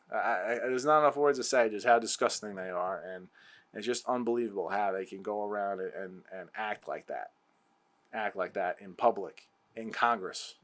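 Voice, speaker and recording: A man hosting his own show, ranting heatedly and exasperatedly about politics, repeating himself. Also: medium pitch. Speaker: podcast host. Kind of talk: political rant.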